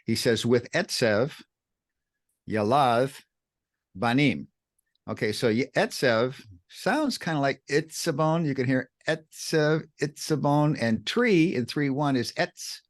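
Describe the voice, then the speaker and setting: A man's voice: lively intonation, slow pace, dry recording. An emphatic man co-hosting a podcast, explaining texts with a lot of repetition. His voice leaps up when he stresses a point. The recording is dry and close. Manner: emphatic, repeats words, pitch jumps for emphasis. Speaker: podcast co-host teaching scripture. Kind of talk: animated explanatory teaching chat.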